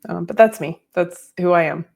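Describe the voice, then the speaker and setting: A middle-aged woman hosting a podcast, telling a personal story in a reflective, unhurried way with many fillers. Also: lowish voice, vocal fry, a little mellow. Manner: reflective, tearful at times, with fillers. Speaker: podcast host.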